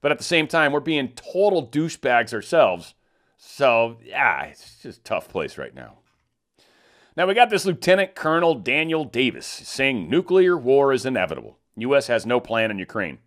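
A man's voice: mid-range voice, sing-song, moderate pace, a bit bright. A man in his fifties hosting casual political commentary, blunt and rambling, often restarting his sentences.

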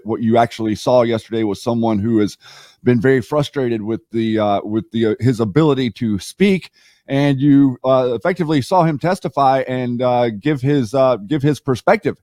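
A man's voice: medium pitch, a little mellow, dry recording, clean studio sound. A man co-hosting a talk show, speaking with many hesitations. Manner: hesitant, halting. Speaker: co-host. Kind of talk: casual political talk show.

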